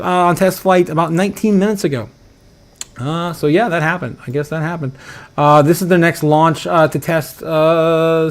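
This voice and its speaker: A man hosting a casual livestream, reading out chat donations, laughing often and rambling with lots of fillers. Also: a little high. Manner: giggly and excitable, laughing often between lines; rambling with frequent fillers and repeats. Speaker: livestream host.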